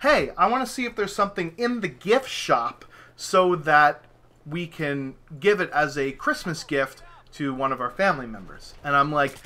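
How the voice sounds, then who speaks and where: A young man, a podcast host, telling a story in casual chat, animated and profane, acting out his own reactions. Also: on the high side, moderate pace.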